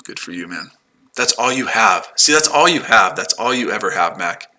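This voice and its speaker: A man's voice: lowish voice, lively intonation, normal speed, bright, forceful tone, slight background noise. A man in his forties talking casually on a livestream, combative and taunting, repeating himself. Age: 40s. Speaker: livestream host.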